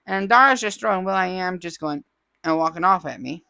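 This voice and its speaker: A chatty woman hosting a crafting channel and reading viewer comments aloud. Her pitch jumps around a lot as she trades playful, teasing asides. The sound is close and dry, with no room echo. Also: animated, a little fast, creaky, pushed and bright, smooth.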